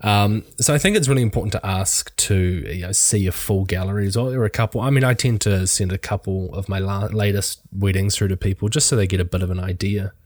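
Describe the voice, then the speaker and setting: Man with a sore throat, dry low voice. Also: fast, hardly any pauses, no echo. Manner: rambling, hedging, many fillers. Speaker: wedding photographer. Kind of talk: casual podcast chat.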